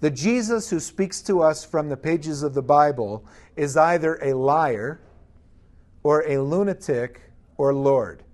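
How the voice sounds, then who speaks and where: A man's voice: fairly high pitch, animated, unhurried, darkish tone. A man preaching a sermon, emphatic, asking the congregation rhetorical questions.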